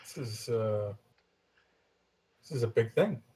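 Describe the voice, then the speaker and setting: A man voicing a wry, confident male bard adventurer in a tabletop game, speaking loud and quick in a husky voice. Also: medium pitch.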